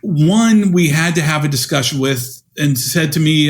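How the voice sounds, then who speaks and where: A man's voice: a little high, moderate pace, hardly any pauses. A man in his fifties, a podcast guest and educator, telling stories and acting out the dialogue he quotes. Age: 50s. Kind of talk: conversational storytelling.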